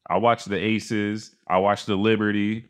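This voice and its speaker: A man's voice: on the low side, flat delivery, measured pace. A man co-hosting a podcast in casual chat, telling stories in a laid-back way and swearing freely. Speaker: podcast co-host.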